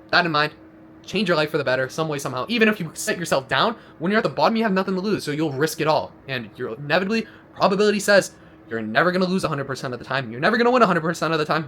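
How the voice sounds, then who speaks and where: Fast-talking blunt man giving a pep talk. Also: a little high, bright, forceful tone, slight background noise. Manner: blunt, profane, rambling with restarts. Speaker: vlogger. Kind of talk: motivational monologue to camera.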